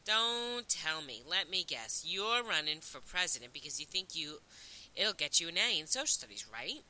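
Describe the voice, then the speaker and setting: A woman's voice: deep voice, sing-song, moderate pace, pushed and bright, full character voice, low-quality recording. A woman doing a curt, impatient newspaper reporter. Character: brusque busy male newspaper reporter. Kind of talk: audiobook reading.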